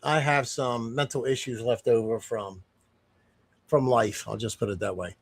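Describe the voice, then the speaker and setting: A man's voice: mid-range voice, fairly even intonation, normal speed, creaky, slightly rough. A man giving casual, indignant commentary as a streamer, rambling and restarting often.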